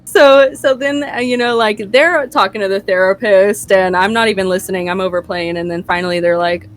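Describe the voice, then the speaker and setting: Young woman telling a story, swearing and laughing. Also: mid-range voice. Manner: profane, laughing, quick asides. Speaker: podcast host. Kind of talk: casual storytelling chat.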